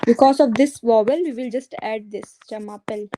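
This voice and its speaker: A woman's voice: on the high side, steady tone, normal speed, noisy background. A woman teaching a French grammar lesson to a student, patiently repeating each conjugation aloud.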